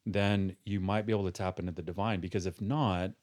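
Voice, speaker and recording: A man talking as a podcast guest, thoughtful and measured, drawing on philosophers and advice he gives his clients. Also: low voice, steady tone, a little mellow. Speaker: guest, counselor. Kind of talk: podcast discussion.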